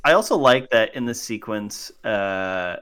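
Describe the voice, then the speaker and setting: A man appearing as a podcast guest, chatting casually with blunt, deadpan jokes about a movie. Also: lowish voice, unhurried, clean tone. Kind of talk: casual movie-review chat.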